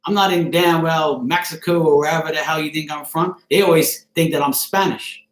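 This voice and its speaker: A man's voice: fairly high pitch, fairly even intonation, fairly quick. A Bermudian man chatting casually on a live stream, joking and swearing offhandedly as he answers viewers by name. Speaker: live streamer reading chat. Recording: echoey room.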